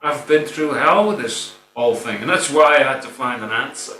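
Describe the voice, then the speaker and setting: A man's voice: mid-range voice, expressive, moderate pace, pushed and bright, faint music behind. A middle-aged man giving an earnest, informal spiritual talk, rambling a little and often saying "you know". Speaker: spiritual speaker. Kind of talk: spoken reflective talk. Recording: roomy, distant mic with faint hum.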